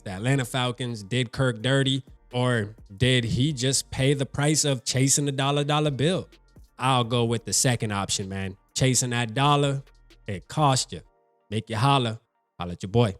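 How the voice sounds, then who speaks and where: A man's voice: medium pitch, dry recording. Slangy male sports fan vlogger. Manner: slangy, talks straight to the listener. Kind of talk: casual fan commentary.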